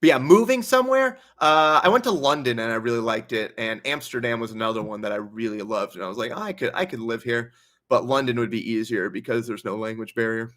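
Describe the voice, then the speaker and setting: A man's voice: mid-range voice, lively intonation, fast, a bit bright. A young man hosting a casual livestream Q&A, reading donations aloud and chatting with a laugh in his stories. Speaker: livestream host.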